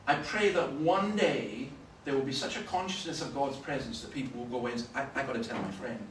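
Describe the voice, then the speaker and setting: A Scottish man preaching a sermon, telling stories with sudden loud bursts of emphasis. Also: medium pitch, fairly quick. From Scotland. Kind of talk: sermon with anecdotes. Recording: roomy, from far off, faint noise.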